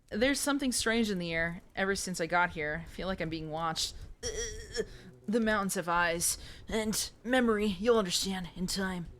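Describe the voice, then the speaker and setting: A woman's voice: medium pitch, expressive, normal speed, fairly bright tone. A woman in her twenties streaming a game live, chatting playfully and joking with viewers. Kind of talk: live gameplay commentary.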